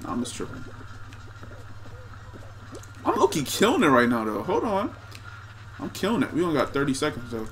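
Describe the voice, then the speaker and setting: Excitable young male gaming streamer. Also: mid-range voice, normal speed, long pauses, slight background noise. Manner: excitable, talks to himself and chat, trash-talks players. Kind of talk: casual gameplay commentary.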